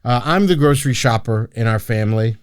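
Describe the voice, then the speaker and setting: A man's voice: mid-range voice, lively intonation, fairly quick, clear, resonant tone, dry recording, studio quality. A man hosting a casual podcast, joking and cursing as he tells everyday stories. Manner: joking, profane, storytelling with laughs. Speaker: podcast host.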